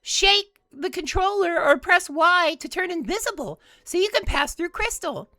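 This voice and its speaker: Man doing a high, fast talking sign. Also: lively intonation, bright, forceful tone, no room sound, studio quality, faint music behind, full character voice. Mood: instructive. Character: chatty talking signboard, male, brisk.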